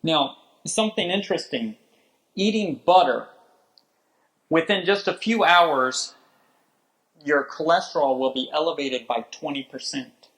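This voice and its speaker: A man co-hosting a health talk, adding examples in a halting way with pauses. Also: on the high side, fairly bright tone, rough recording.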